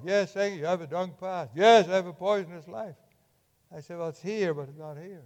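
Older preacher in a reverberant hall. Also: male voice, high-pitched. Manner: impassioned, swings from loud urging to hushed. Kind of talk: sermon.

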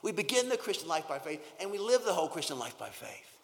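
A man preaching a sermon, earnest and emphatic, often repeating words and dropping from loud stress to a near-whisper. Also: on the high side, sing-song, fast talker, creaky. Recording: long hall reverb.

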